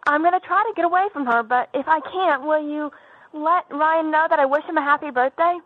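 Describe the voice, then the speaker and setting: A man's voice: brisk, dry recording, narrow, tinny audio. A man voicing a panicked person caught by a hungry plant, leaving a frantic voicemail. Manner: frantic, high-pitched.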